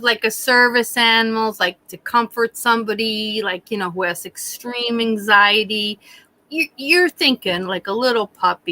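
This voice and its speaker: A woman hosting a live stream, chatting casually and telling a story in an animated way, with frequent swearing. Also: a little high, no echo. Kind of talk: casual chat.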